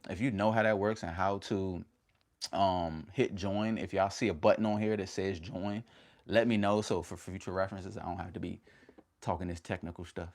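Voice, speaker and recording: A man with a fairly low voice hosts a casual motivational livestream. He is energetic and slangy, calls his viewers fam and talks in short punchy bursts. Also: normal speed. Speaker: motivational YouTuber hosting a livestream.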